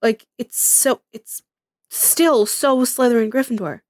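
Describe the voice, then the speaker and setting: Podcast co-host, woman, chatty and thinking aloud, a touch higher voice, dry close sound. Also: a little slow, no echo. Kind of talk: casual chat.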